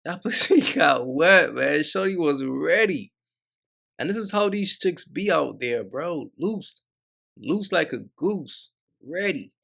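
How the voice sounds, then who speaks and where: A man hosting a reaction video, his gravelly voice jumping all over in pitch as he teases and laughs. He talks slowly and drops plenty of slang. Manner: loud, laughing, teasing banter with slang. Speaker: reaction host.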